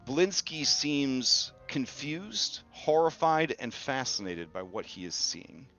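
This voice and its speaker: A man narrating a tabletop game as game master, telling events slowly with many fillers. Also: mid-range voice, expressive, a bit bright, faint music behind. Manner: slow, graphic storytelling with many fillers. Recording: dull lo-fi audio.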